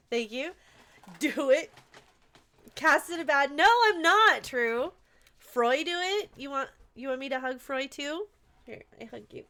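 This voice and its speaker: Bubbly high-voiced woman streamer. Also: bright, forceful tone. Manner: bubbly, giggly, affectionate with chat. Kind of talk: live game stream chat.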